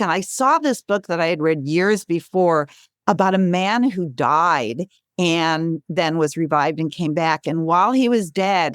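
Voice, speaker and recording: Animated storytelling woman in her sixties. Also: no echo, studio quality. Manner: animated, acts out quotes with bright pitch jumps, laughs often. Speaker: guest, author and speaker. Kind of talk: conversational storytelling.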